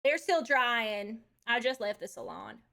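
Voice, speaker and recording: Woman putting on a texan trucker gal, crude and cheeky, bright high voice, keeps saying baby. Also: very animated, a little slow, exaggerated voice. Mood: deadpan. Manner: crude, cheeky drawl, calls everyone baby. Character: brash Texan woman trucker back from space. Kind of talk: live-stream character bit.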